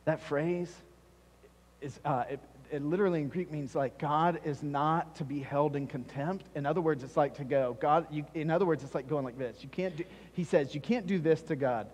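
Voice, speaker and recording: A man preaches a sermon as pastor, pressing his points and repeating them for weight. His voice sits a little high and slightly husky. Long church-hall reverb trails behind every phrase. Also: normal speed, a little mellow. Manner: emphatic, repeats key phrases for stress. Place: church sanctuary.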